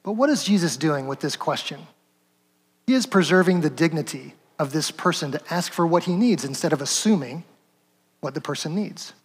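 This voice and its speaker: A man's voice: a little high, expressive, moderate pace, slightly rough, in a large hall. A male pastor giving a sermon in a conversational way, acting out quotes and asking rhetorical questions. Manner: conversational, acts out quotes, chuckles, rhetorical asides.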